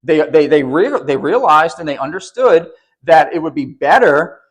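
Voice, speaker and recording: A pastor preaching a sermon, conversational and often restarting words, then building to emphatic peaks. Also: male voice, a little high, expressive, moderate pace, husky.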